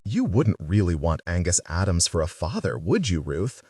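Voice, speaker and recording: A man reading an audiobook, voicing a gentle, motherly woman who speaks tenderly. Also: sits low, huge pitch swings, normal speed, slightly rough, no room sound, recorded from a distance, full character voice. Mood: soothing. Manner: soothing, tender.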